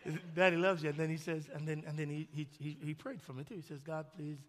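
A pastor in his thirties preaching a sermon, swinging from shouted peaks to hushed, intimate storytelling. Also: on the high side, steady tone, fast talker. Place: large church hall. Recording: long hall reverb.

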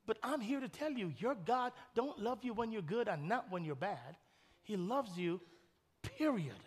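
A man's voice: sits high, lively intonation, moderate pace, slightly rough. Male pastor, thirties, passionate sermon delivery, hall reverb. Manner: preaching, swings from loud shouted peaks to soft hushed storytelling. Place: large church hall.

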